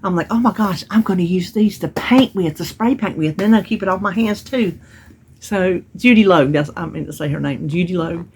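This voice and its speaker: A woman's voice: fairly low pitch, brisk, darkish tone, a little hiss or hum. A woman chatting casually at home about items she bought and received in the mail, telling stories as she goes. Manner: chatty, storytelling, Southern-style grammar. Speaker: vlogger. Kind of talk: casual haul chat.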